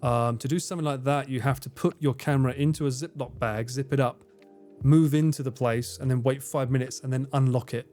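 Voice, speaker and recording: A British livestream host in his forties casually reads and responds to viewer comments from home, air conditioning running, swearing freely and laughing frequently. His medium-pitched voice is warm and steady in tone, a little fast, with faint music behind.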